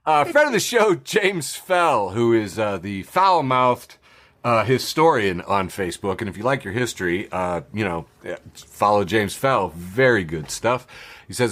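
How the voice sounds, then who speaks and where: A man hosting a casual podcast, his pitch swinging widely as he reads posts aloud. He mocks what he reads with a sarcastic edge, laughs often and swears freely. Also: expressive, measured pace, fairly bright tone. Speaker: podcast host. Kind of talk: casual commentary reading social media posts.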